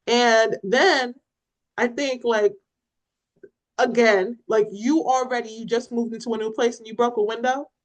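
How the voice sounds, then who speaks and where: A woman with a fairly high pitch speaks unhurriedly, though the audio is poor. She co-hosts a parenting podcast, retelling a scene in casual chat with acted-out quotes, lots of animation, and laughter.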